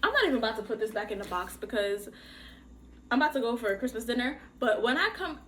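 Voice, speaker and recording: Talking quickly in a fairly high voice, a podcast host does an unboxing vlog at her bedroom workstation at home, chatting to camera. She gushes with excitement and exclaims frequently, and a little hiss or hum sits in the recording.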